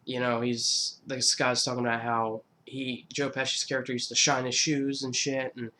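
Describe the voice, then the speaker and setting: A man in a middle pitch, chatting loosely through a countdown for his channel. He rambles with fillers and restarts and swears freely. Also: flat delivery, moderate pace, sharp tone, a little hiss or hum. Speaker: YouTuber. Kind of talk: casual movie countdown.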